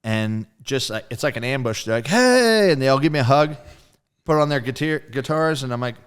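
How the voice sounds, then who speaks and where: A man's voice: mid-range voice, fairly quick, smooth. A man telling a story as a guest in a casual interview, loose and profane, acting out the voices of friends he quotes. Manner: animated storyteller who acts out quoted friends. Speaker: guest drummer.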